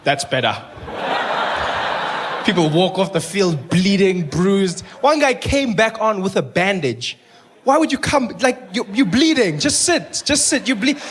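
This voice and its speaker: A man's voice: sits high, big pitch swings, measured pace, a bit bright. A man performing a stand-up comedy routine, telling stories and acting out characters in voices. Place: live comedy show on stage.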